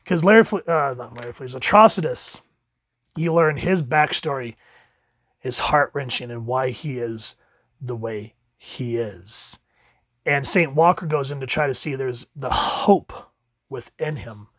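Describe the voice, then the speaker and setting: A man's voice: measured pace, fairly bright tone, no room sound, clean studio sound. A man casually reviewing a comic book at home, chatty and playing out the quotes. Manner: chatty, acts out quotes with jumps in pitch. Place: home room with dogs.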